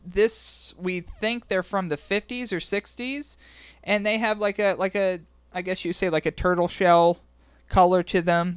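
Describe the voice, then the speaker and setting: A man hosting a casual podcast chat, rambling and halting with lots of fillers. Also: sits high, fairly bright tone, smooth. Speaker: podcast host.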